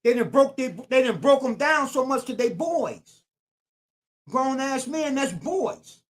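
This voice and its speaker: A man's voice: very high-pitched, animated, takes it slowly. Older man preaching in AAVE. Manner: preachy, repetitive, emphatic. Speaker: YouTube channel host. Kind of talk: streetwise commentary monologue.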